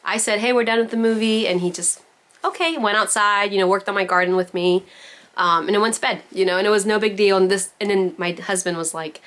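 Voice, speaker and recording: A woman's voice: mid-range voice, fairly quick, a bit bright. Chatty woman teaching a parenting class. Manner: chatty, lots of "like" and "you know". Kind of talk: casual virtual class teaching. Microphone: video call.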